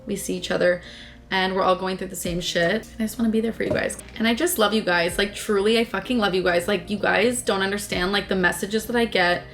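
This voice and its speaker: Young female vlogger, chatty and effusive, mid-pitched voice, raspy fry. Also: steady tone, fairly quick, fairly bright tone, a little hiss or hum. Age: young adult. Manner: gushing, chatty, says "like" constantly. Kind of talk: casual chat to camera. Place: home, then in a car.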